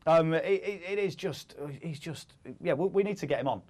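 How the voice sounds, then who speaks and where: A man's voice: a little high, moderate pace, a little mellow. A man in his thirties hosting a casual studio chat, joking and rambling, often laughing at his own lines. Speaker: host.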